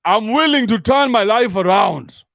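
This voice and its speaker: A man's voice: a little high, lively intonation, normal speed, background noise, natural voice. A Kenyan-accented man mockingly voicing a smug husband who walks out on his family. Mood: pleading. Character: smug runaway husband quoted in mockery.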